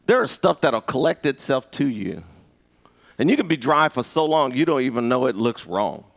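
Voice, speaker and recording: A man preaching a live sermon, conversational and full of restarts, rising to high emphatic peaks. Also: big pitch swings, moderate pace, gravelly. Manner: conversational with repeated restarts and rhetorical asks. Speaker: pastor.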